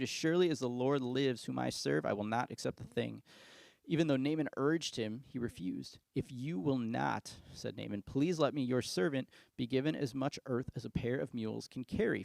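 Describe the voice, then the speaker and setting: A male pastor giving a sermon, reading scripture and retelling it in a casual, conversational way with lively asides. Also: medium pitch, creaky, no echo.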